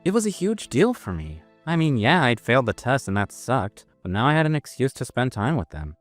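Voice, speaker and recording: A man's voice: mid-range voice, sing-song, fairly quick, dry recording, faint music behind. A man narrating a story in the first person, in a casual, self-mocking manner.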